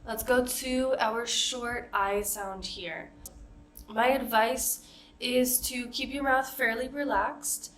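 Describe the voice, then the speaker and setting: A woman's voice: fairly high pitch, fairly even intonation, takes it slowly, a bit bright. A woman coaching pronunciation, patiently modeling vowel sounds and example words one at a time. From United States. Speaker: accent coach. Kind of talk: pronunciation lesson.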